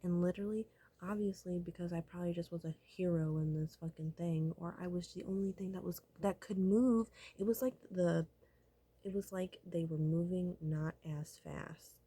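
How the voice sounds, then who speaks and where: Husky woman rambling, often whispering. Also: fairly low pitch, moderate pace, warm tone. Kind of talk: casual storytelling vlog recounting a dream.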